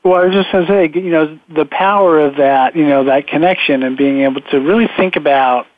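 A man's voice: fairly high pitch, a little fast, dry recording. A man co-hosting a podcast, reflecting aloud with many fillers. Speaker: podcast co-host. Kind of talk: conversational chat. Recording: phone-line sound.

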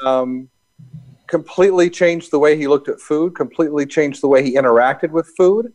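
A man interviewed as a hypnosis and NLP coach, explaining his work in a calm, easygoing way. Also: a little high, moderate pace. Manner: calm, explanatory, laughs easily. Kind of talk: casual interview talk.

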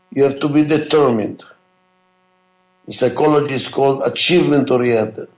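Man, gravelly voice, mid pitch, management lecture, emphatic, repetitive, rhetorical questions. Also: a little mellow, roomy sound, low-quality recording. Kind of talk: classroom lecture.

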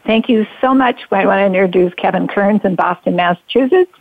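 Gravelly husky woman hosting talk radio. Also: mid-range voice, brisk, no echo. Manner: warm-up chatter, laughing, hesitant fillers. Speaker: radio talk show host. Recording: dull lo-fi radio sound.

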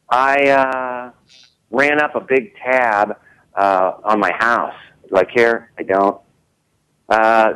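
A middle-aged man of ordinary pitch, speaking as an interview guest. He is blunt and folksy and drives each point home by repeating it. His talk is motivational and emphatic. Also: fairly bright tone, rough recording. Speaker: business turnaround consultant, guest.

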